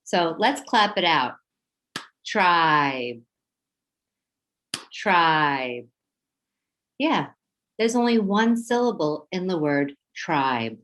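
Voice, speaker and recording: A woman with a New York accent teaches young children, speaking slowly and encouragingly in a somewhat low voice. Her pitch rises and falls in a lively way as she sounds words out and asks the class to clap along. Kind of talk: children's phonics lesson.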